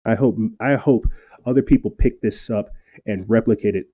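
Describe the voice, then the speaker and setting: Guy ranting on a political podcast, real dark tone, gets worked up, stumbles over words. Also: on the low side, moderate pace, slightly rough. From New Mexico, USA. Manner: fired-up, repetitive restarts. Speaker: podcast host. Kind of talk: political commentary, reading articles aloud.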